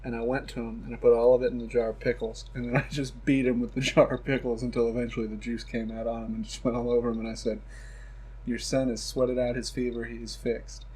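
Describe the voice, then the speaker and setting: A man's voice: mid-range voice, flat delivery, fast talker, few pauses, darkish tone, breathy edge, poor audio. A man co-hosting a casual comedy chat, rambling through absurd stories and laughing often. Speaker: podcast co-host.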